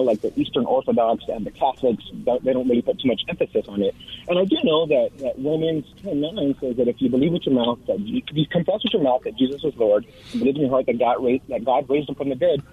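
Young man, caller, very raspy voice, lively pitch, tinny phone line, hesitant. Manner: hesitant, peppered with um and like. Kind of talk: call-in radio conversation.

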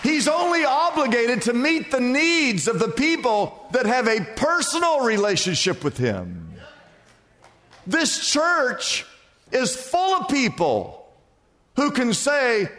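A man preaching a sermon to a church, with dramatic phrasing that swoops from high to low and falls quiet. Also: sing-song, some chatter behind. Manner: dramatic preaching, drawn-out phrases, sharp drops in pitch and loudness. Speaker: pastor. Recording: long reverb of a church hall.

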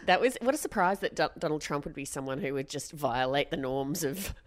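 A woman's voice: low voice, a little fast. A woman, co-hosting a podcast in casual chat and telling stories with a lot of laughter. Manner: animated storytelling, laughs often. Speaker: podcast co-host.

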